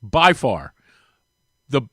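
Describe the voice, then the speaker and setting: Animated man telling a story on the radio. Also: extremely slow, slightly rough, no echo, studio quality. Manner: lively storyteller, acts out quoted voices with big pitch jumps. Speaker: regular radio guest. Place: radio studio. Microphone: studio microphone.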